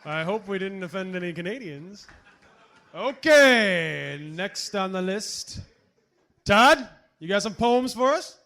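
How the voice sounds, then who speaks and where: A man's voice: sits high, expressive, takes it slowly, bright, forceful tone. A man hosting an open mic in a bar, upbeat and encouraging as he calls up each performer. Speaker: slam host.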